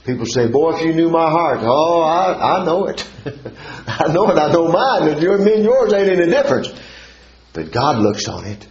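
A crowd can be heard behind a man preaching at a moderate pace in a fairly high, sing-song voice. He reads scripture and explains it verse by verse with fervent exclamations, and the church recording is dull and echoey.

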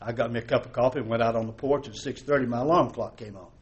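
A man preaching a sermon as pastor. He swings from loud emphasis to hushed tones and uses folksy storytelling and repeated rhetorical questions. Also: mid-range voice, fast talker, dull audio.

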